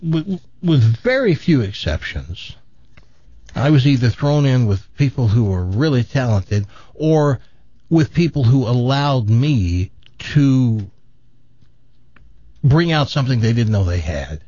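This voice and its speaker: A man's voice: medium pitch, takes it slowly, dry recording. A male radio host telling a long joke, acting out the characters as he goes. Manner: animated storyteller, acts out characters. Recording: dull lo-fi radio broadcast.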